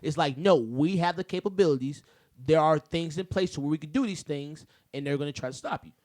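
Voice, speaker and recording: A man co-hosting a casual podcast chat, who talks in animated rants and breaks into loud shouting bursts. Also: a little high, a little fast. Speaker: podcast co-host.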